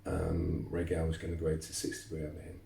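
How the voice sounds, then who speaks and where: A man, telling lively stories as a martial arts instructor guest, repeating words as he goes. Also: very deep voice, fast talker, gravelly, distant mic, a little hiss or hum. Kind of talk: casual interview storytelling. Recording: roomy echo, voice off-mic.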